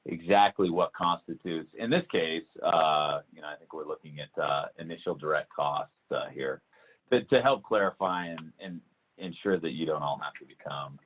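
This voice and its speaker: Low voiced guy demoing software, lots of um and uh, tinny call audio. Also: normal speed. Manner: hesitant, many fillers and restarts. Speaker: software demo presenter. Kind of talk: webinar product demo.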